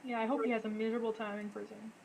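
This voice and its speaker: A woman's voice: a little high, level tone, rapid-fire, gravelly, darkish tone, poor audio. A woman co-hosting a casual call-in show, rambling through long thoughts with many "like"s and restarts. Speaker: co-host.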